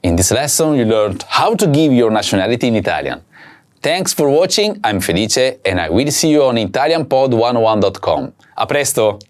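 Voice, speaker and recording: Learners hear a very animated man with a mid-range voice in this recorded language lesson; he says each word slowly and repeats it for them to practise.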